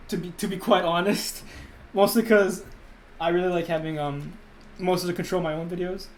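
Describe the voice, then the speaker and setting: A man's voice: sits high, fairly even intonation, measured pace, pauses often, slight background noise. A young man in his twenties chatting casually with his viewers on a live stream, rambling with many restarts. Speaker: YouTube animator and voice actor.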